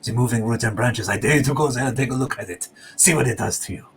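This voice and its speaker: A man's voice: medium pitch, fast talker, crowd noise, close to an everyday voice. A man voicing a pompous, sanctimonious male explorer who scoffs at newcomers. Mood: scoffing. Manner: haughty, condescending.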